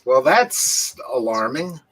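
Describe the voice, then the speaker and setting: A woman's voice: extremely low pitch, very animated, takes it slowly. A woman co-host chiming in with short, encouraging replies and laughter. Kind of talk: casual chat.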